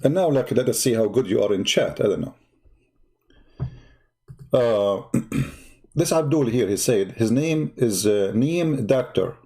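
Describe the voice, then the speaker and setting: A man's voice: mid-range voice, lively intonation, a little slow, long pauses, warm tone. A man hosting a livestream, speaking as an in a sarcastic, scolding way, often laughing at his opponent. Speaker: online broadcast host. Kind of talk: mocking livestream commentary.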